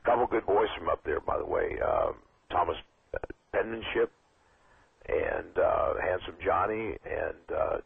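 An older man, a wrestling trainer, talking in a rambling, halting way with many fillers as a guest on a call-in show. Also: sits low, creaky, husky, no room sound. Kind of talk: casual phone interview. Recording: tinny phone line.

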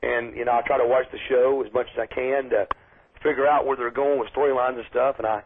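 A man's voice: mid-range voice, steady tone, quick pace, slight background noise. A man telling a story casually in an interview and animatedly acting out the voices he quotes. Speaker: guest wrestler. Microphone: phone call into radio show. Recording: tinny phone line.

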